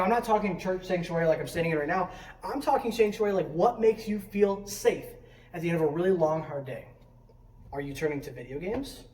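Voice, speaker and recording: Speaking at medium pitch with a darkish tone, this student ministry leader delivers a youth sermon in a church sanctuary. The talk is conversational, full of questions and frequent "right?", recorded on a distant mic with a roomy sound and faint noise.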